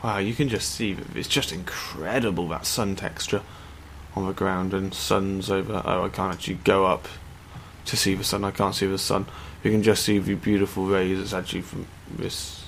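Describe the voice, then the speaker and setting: A young man from the UK hosts a flight simulator session, rambling with plenty of ums and cheerful enthusiasm. His voice is fairly low. Faint game ambience murmurs behind him. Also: flat delivery, normal speed, vocal fry, slight background noise. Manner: rambling, filler-heavy, enthusiastic. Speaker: flight sim youtuber. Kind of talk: casual gameplay commentary.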